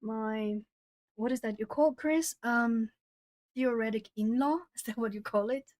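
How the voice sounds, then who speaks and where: A woman art streamer chats casually while drawing, rambling, laughing often and correcting herself, in a hard-to-place English accent with a British tinge. Her voice sits on the high side, a little mellow, at a measured pace. The sound is dry and close with no echo.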